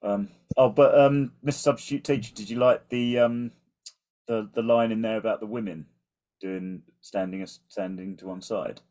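A man's voice: lowish voice, fairly even intonation, normal speed, darkish tone. A man chatting on a podcast, talking hesitantly with many fillers. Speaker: podcast co-host and writer. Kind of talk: casual chat.

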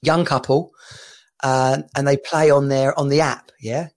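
A man's voice: mid-range voice, steady tone, unhurried. A man co-hosting a podcast, telling an anecdote in casual chat, laughing often and repeating himself. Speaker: podcast co-host.

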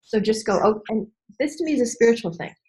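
A woman business coach in a candid podcast conversation, animated and emphatic, acting out voices and repeating key phrases. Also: on the high side, fast talker, poor audio. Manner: animated, acts out voices and inner dialogue.

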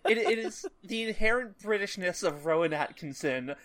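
A co-host of a casual book-club podcast who mostly chimes in with short, dry one-liners. The delivery stays deadpan. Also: mid-range voice, moderate pace, crowd noise. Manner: dry wisecracks and deadpan quips.

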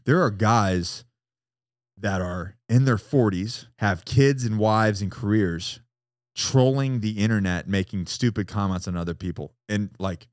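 A man guest on a casual podcast, profane and animated, often acting out what others said. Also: lowish voice, a little slow, dry recording, clean studio sound. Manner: profane, animated, acts out quotes. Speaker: guest, former Marine.

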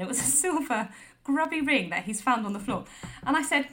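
A woman's voice: on the high side, expressive, brisk, a bit bright, a little hiss or hum. A woman co-hosting a comedy podcast, telling a rambling anecdote with lots of voiced quotes. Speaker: podcast co-host. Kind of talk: comic storytelling chat.

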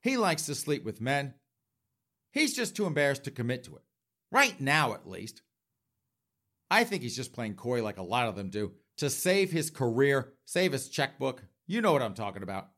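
A comedic commentator host with a medium-pitched, slightly bright voice swings widely in pitch at a moderate pace. His rant is campy, flamboyant and mock-indignant, with frequent laughing asides aimed straight at his audience.

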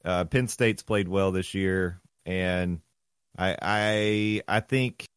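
Male co-host, very deep voice, dry recording, steady plainspoken picks. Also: slow, clean tone, dry recording. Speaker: podcast co-host. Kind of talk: casual sports chat.

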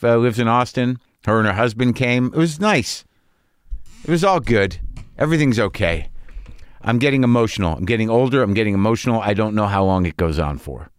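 A man's voice: fairly low pitch, smooth, no echo, clean studio sound. A middle-aged man hosting a podcast, talking in a rambling, self-deprecating way with frequent restarts and swearing. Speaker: podcast host. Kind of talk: casual monologue.

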